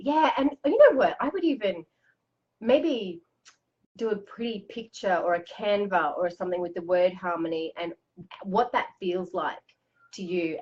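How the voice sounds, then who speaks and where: A woman's voice: lowish voice, a little mellow, muffled recording. An Australian woman hosting a live-stream coaching chat, bubbly and chatty, laughing often. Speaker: life coach host.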